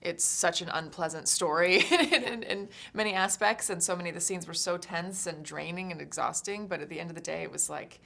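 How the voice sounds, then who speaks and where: Low, gravelly-voiced chatty woman. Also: fairly quick, hardly any pauses, pushed and bright. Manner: friendly, chatty, many fillers and laughs. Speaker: film actress. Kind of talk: press junket interview.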